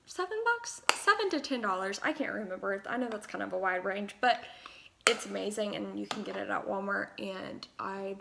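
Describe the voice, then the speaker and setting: A woman's voice: mid-range voice, normal speed, vocal fry, noisy background. A young woman talking through a makeup tutorial at home in a chatty, rambling way, full of fillers and asides. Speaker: beauty vlogger.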